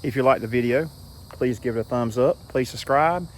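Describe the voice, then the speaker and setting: A man's voice: mid-range voice, moderate pace, a little hiss or hum. A middle-aged man casually rambling through a walk-through of his RV, recorded on a phone outdoors at a campsite at night. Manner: rambling and folksy, with frequent fillers. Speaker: RV owner vlogger. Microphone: handheld phone. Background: crickets and insects.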